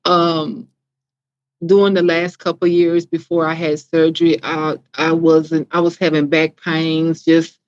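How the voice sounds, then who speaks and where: A woman with an accent answers interview questions, speaking slowly in a soft, plain way. Her voice sits fairly low and sounds slightly muffled and dry, with no room echo. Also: flat delivery, clear, resonant tone. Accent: foreign accent. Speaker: guest, former patient. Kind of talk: casual interview chat.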